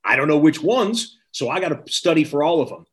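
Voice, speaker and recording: Male sports TV host, energetic storyteller, casual interview. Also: fairly high pitch, brisk. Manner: energetic storyteller, quotes others in lively voices.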